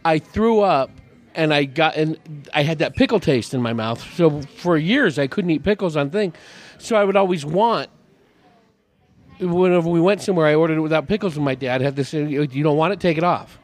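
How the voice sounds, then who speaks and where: Laughing, rambling podcast host. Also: male voice, a little high, expressive, moderate pace. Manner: rambling, self-deprecating, laughs often. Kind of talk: casual chat. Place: bar, indoors.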